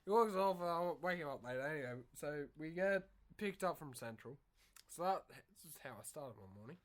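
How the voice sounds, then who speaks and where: A man's voice: on the high side, brisk. A young Australian man telling a long rambling story in casual podcast chat, swearing freely. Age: young adult. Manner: rambling, swears a lot, animated. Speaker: podcast co-host.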